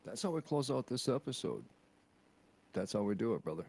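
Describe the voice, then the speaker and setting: A man's voice: mid-range voice, lively intonation, normal speed, creaky, darkish tone, husky. A man hosting a podcast, wrapping up the show in a playful, rambling way with some swearing. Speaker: podcast host. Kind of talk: casual chat.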